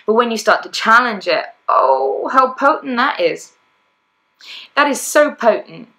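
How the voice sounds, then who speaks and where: A woman's voice: fairly high pitch, animated, a little slow, bright, forceful tone, rough recording. A woman life coach talking bluntly in a podcast monologue, acting out inner voices as she goes.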